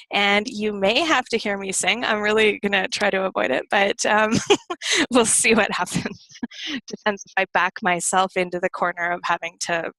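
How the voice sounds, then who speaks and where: A young American woman runs a live online English class through her computer mic. She talks in an easygoing, chatty way. The sound is dry and close, with no room echo. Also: medium pitch. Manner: relaxed, conversational and personal. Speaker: English teacher.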